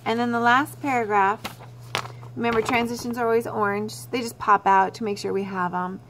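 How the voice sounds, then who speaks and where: A woman's voice: a little high, fairly even intonation, fairly quick, background noise. A woman teacher giving a recorded writing lesson to her students. She talks them through their drafts step by step and repeats the key points.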